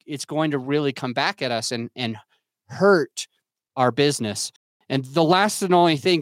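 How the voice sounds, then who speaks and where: A man's voice: on the high side, no echo. A young adult man talking candidly as a podcast guest, earnest and self-critical, often restarting his sentences as he searches for words. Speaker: podcast guest, entrepreneur and father. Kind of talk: candid reflective podcast talk.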